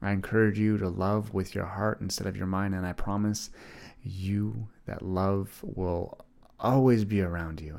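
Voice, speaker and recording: A man's voice: deep voice, vocal fry, a little mellow. A man in his twenties talking alone on his podcast, earnest and rambling as he encourages his listeners. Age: 20s. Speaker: podcast host. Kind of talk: casual solo podcast monologue.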